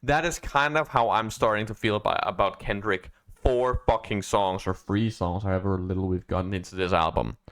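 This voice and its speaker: Male music reactor with a lowish voice, loose and rambling, restarts his thoughts often. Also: moderate pace, hardly any pauses, a bit bright, smooth. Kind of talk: casual reaction commentary.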